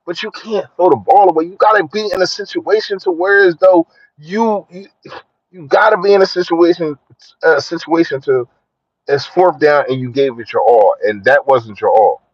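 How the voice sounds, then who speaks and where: A young man chatting casually on a sports live stream, slangy and shouting out his viewers. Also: normal speed, dry recording. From Philadelphia. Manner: slangy, shouts out viewers, lively swings in pitch. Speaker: sports vlogger. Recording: dry, dull lo-fi phone audio.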